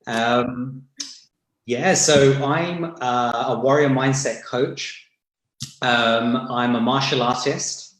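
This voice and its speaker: A British man from the UK, a martial arts coach, chatting as a guest in a relaxed, hesitant way with many fillers. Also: medium pitch, takes it slowly, reverberant, rough recording. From United Kingdom. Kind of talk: casual interview chat.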